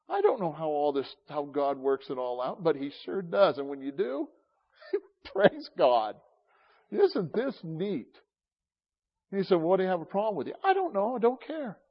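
A middle-aged man preaches with emotion, and his somewhat high, husky voice swings widely in pitch. He builds to loud, fervent peaks. The recording sounds dull and lo-fi. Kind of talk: sermon.

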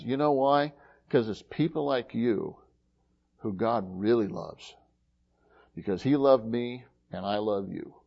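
A man's voice: medium pitch, creaky, a little mellow, slightly rough, highs cut off. A man preaching as a pastor, moving from reading to a chatty personal story told with fillers and restarts.

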